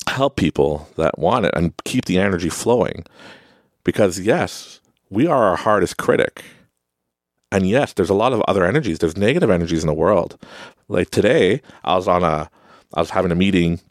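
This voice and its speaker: In a dry, studio-quality recording, a man with a low voice hosts a podcast. His casual monologue wanders through rambling stories, full of fillers and regular laughter.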